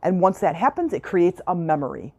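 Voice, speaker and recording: A woman's voice: on the low side, very animated, a little fast, darkish tone, slightly rough, muffled recording. A woman hosting a self-help podcast, talking in a chatty, earnest coaching style, repeating her points and often checking that the listener is following. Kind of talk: casual coaching monologue.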